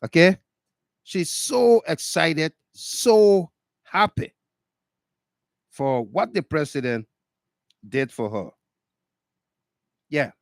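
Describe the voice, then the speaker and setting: A man hosting a radio talk show, commenting in a drawn-out, emphatic, chatty way. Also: on the high side, very animated, no room sound.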